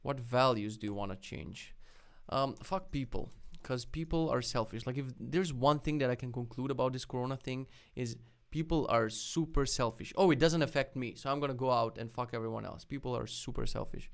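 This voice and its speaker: Male streamer, casual and irreverent, mouthy commentary with a gravelly edge. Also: mid-range voice. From lives in Poland. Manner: blunt, swears freely, mocking asides. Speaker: live streamer reviewing web projects.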